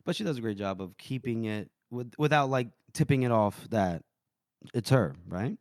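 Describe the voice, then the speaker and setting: A man's voice: medium pitch, animated, normal speed, a little mellow, no echo. Man, podcast co-host, casual book chat, retells scenes, dry close mic. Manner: retells scenes, acting out lines in voices.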